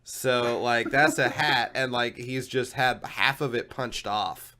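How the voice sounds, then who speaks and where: A man hosting a casual chat about retro games, laid-back and quick to chuckle. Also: medium pitch, sharp tone. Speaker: podcast host.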